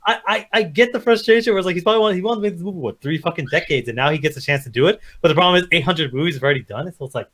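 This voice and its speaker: Male co-host, quick and blunt, casual podcast chat, slightly high voice. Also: fairly bright tone. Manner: fast, blunt, casual with swearing. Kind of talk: casual movie review chat.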